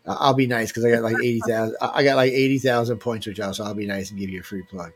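Talking fast with fairly even intonation at a medium pitch, a man hosts an easygoing livestream giveaway. He reads emails from viewers aloud and needles them in loose slang.

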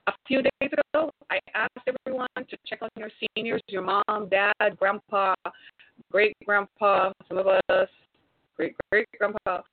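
A woman's voice: medium pitch, animated, unhurried, dry recording. Impassioned woman on a tinny line. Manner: preachy, exhorting, rhetorical questions. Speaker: commentator. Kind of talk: impassioned monologue to viewers. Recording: tinny phone-like sound.

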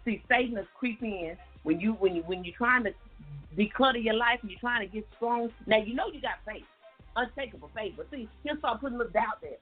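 A woman life coach telling an animated faith testimony in a folksy, preachy way, repeating words for emphasis. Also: fairly high pitch, brisk, breathy edge. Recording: tinny phone-like sound, faint music.

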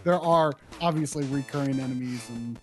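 A man's voice: mid-range voice, normal speed, faint music behind. A man co-hosting a casual game stream chat, often repeating words as he starts a thought. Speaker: co-host of a retro gaming stream.

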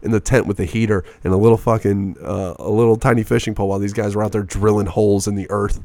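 A man's voice: fairly low pitch, quick pace, no echo. A man in his twenties telling rambling, profane stories in a casual podcast chat as a comedian guest. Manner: profane, rambling, animated storytelling.

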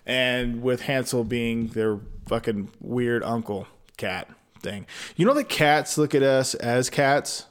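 A man's voice: medium pitch, slow, smooth. A man reading a fairy tale aloud, breaking off into rambling, profane comic asides. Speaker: storyteller.

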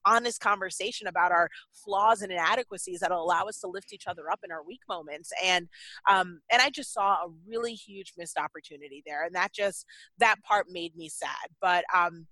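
Middle-aged woman guest, bright dry voice, animated and self-deprecating, lots of fillers. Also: lowish voice, brisk, no echo, low-quality recording. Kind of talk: casual interview talk.

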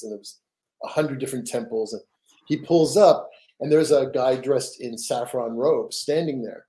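Older guy on a podcast, mellow dark voice, rambles and stumbles over words, laughs a lot. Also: medium pitch, moderate pace. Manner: rambling, repeats words, laughs between stories. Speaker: guest author. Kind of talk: casual storytelling.

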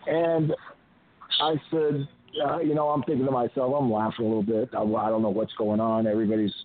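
Over a tinny telephone line, a retired wrestler, now an older man, rambles through his stories as an interview guest, frequently starting sentences over. His mid-range voice is brisk, with little pitch movement.

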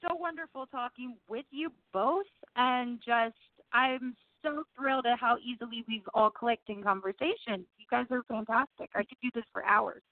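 Woman guest, casual and earnest, slightly high, phone-like dry sound. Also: moderate pace, dry recording. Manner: chatty, earnest, with frequent "like" and restarts. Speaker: guest medium. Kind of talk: casual chat.

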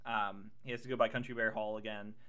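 A man's voice: lowish voice, little pitch movement, quick pace, bright, forceful tone. A man in casual chat, recapping a movie with jokes and playful put-on voices. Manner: jokey, acts out characters in silly voices. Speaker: podcast co-host.

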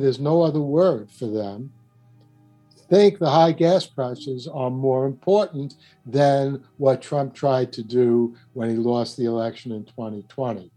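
A man's voice: medium pitch, warm tone, low-quality recording. A man with a New York accent, earnestly talking through politics in a rambling, restarting way. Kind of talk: casual political talk.

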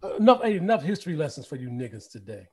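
A man's voice: on the high side, big pitch swings, racing, a crowd in the background. A man co-hosting a podcast, talking bluntly and jokingly in casual group chat. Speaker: podcast co-host.

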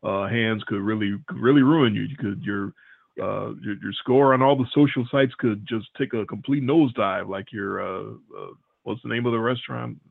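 A podcast co-host with a Midwestern American accent tells stories in a rambling, laid-back way during casual chat, swearing casually. His lowish voice is creaky at normal speed, and the recording sounds tinny, like a phone.

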